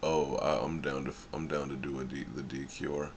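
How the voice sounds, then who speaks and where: A man's voice: extremely low pitch, little pitch movement, normal speed, slight background noise. A man hosting a casual live stream, chatting loosely in slang and drifting off track as he thinks aloud. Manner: rambling and easily sidetracked, thinking aloud; loose slang-filled talk.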